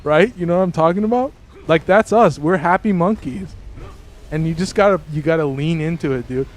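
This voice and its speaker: A man livestreaming a game and chatting casually with his viewers, rambling with many restarts and sudden excited jumps in pitch. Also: fairly quick. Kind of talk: casual livestream chat with viewers while gaming.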